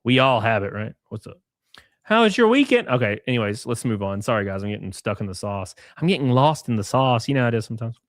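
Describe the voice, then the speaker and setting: A man's voice: on the low side, fast talker, few pauses, no room sound, clean studio sound. A man from Alabama with an Alabama Southern accent, hosting a casual livestream, reading chat and rambling with crude joking asides.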